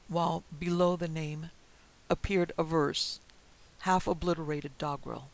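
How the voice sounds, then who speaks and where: A man reading a story aloud as an audiobook narrator, in a measured, deliberate way. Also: fairly high pitch, little pitch movement, creaky, a bit bright, a little hiss or hum, rough recording. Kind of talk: scripted narration.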